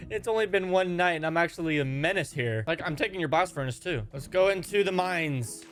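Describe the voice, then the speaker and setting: A young man giving jokey, excitable commentary over his own game footage, with quick exclamations. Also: on the high side. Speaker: gaming YouTuber. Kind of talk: Minecraft gameplay commentary. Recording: voice-over with music behind.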